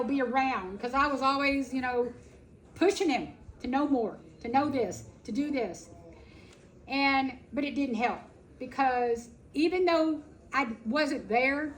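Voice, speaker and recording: Animated high-voiced woman telling a story. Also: low-quality recording. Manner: animated, folksy, emphatic. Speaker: animal sanctuary founder giving a talk. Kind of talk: personal storytelling speech. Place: festival stage.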